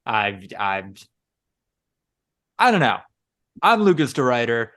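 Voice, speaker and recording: A man's voice: medium pitch, very animated, slow pace, bright, forceful tone. A man in his late twenties, co-hosting a podcast in casual, joking banter with friends. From Wisconsin, US. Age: 20s. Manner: joking, rambling, restarts a lot. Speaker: podcast co-host. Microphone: podcast microphone.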